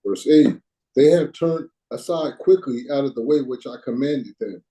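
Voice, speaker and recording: A man reads scripture aloud in a very dark, mellow voice. His reading is steady and formal, taking the old wording line by line. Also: medium pitch, normal speed, poor audio. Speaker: scripture reader.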